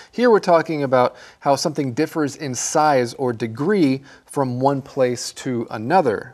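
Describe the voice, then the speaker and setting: A man's voice: mid-range voice, a little mellow. A man co-hosting an English lesson, explaining phrases in a friendly, emphatic way. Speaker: English teacher, co-host. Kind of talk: scripted language lesson.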